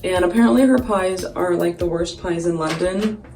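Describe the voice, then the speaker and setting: Doing her makeup on camera, a young female vlogger chats her way through a story at normal speed, her low-leaning voice a little mellow. Her talk is loose and full of "like," broken up by giggles. Faint music, a distant mic, and an echoey room shape the recording.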